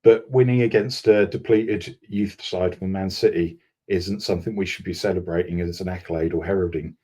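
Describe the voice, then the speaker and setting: Man, very low husky voice, dark tone, sardonic football pundit, measured delivery. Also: steady tone. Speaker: guest pundit. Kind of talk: heated football fan chat.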